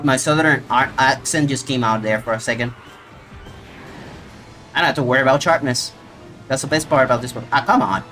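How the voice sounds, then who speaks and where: Man, live gameplay commentary, excitable, mid pitch, faint background music. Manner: excitable, talks to the monster. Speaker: gaming streamer.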